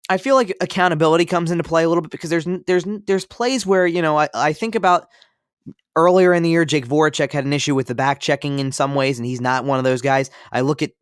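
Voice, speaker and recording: A man's voice: fairly high pitch, a little fast, clear, resonant tone, no room sound, clean studio sound. A man co-hosting a podcast in casual sports talk, rambling and repeating himself with many fillers. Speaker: podcast co-host.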